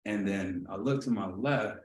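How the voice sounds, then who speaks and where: Animated man telling a story in a roomy hall. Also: fairly low pitch, unhurried. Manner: animated, acts out dialogue, often asks "you know what I'm saying". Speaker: executive director leading a training. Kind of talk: casual personal storytelling in a training talk. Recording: roomy echo, mic at a distance, faint noise.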